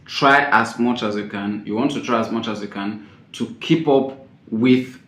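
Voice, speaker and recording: A man giving a spoken tips lesson as an exam-prep teacher, repeating his key points and stressing words with sudden loud jumps. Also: lowish voice, measured pace. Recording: roomy echo.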